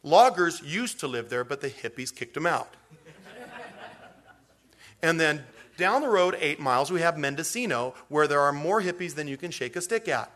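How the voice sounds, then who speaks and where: A man's voice: on the high side, expressive, moderate pace, a bit bright. A man preaching a sermon in a folksy, rambling way, full of restarts and stories. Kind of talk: storytelling sermon.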